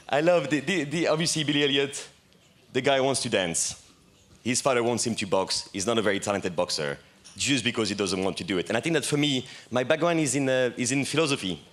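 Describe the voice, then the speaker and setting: This speaker is a man in his thirties from France who owns a bar, speaking with a French accent in a self-deprecating, casual conference talk peppered with fillers and restarts. His voice is medium-pitched and fairly bright, and his pace is brisk.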